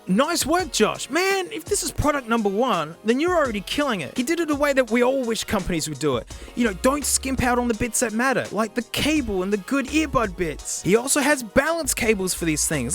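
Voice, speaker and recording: A high-pitched Australian man chats his way through a gadget review, cracking jokes and throwing in plenty of slang. Faint music plays softly behind him. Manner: jokey, animated, full of Aussie slang. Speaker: YouTube host reviewing gadgets. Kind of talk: casual review chat.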